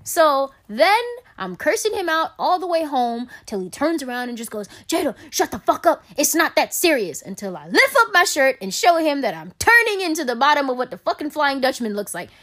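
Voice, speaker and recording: Young female co-host, high and expressive, foul-mouthed dramatic storyteller. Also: brisk, few pauses. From Caribbean family. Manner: animated, profane, dramatic storytelling. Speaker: podcast co-host. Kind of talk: casual storytelling chat.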